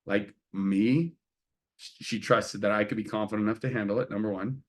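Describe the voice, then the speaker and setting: A man's voice: lowish voice, fairly even intonation, moderate pace. A middle-aged man co-hosting a casual talk show, speaking earnestly and confessionally, often acting out remembered conversations. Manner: earnest, confessional, acts out quoted exchanges. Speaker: co-host. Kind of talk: casual chat.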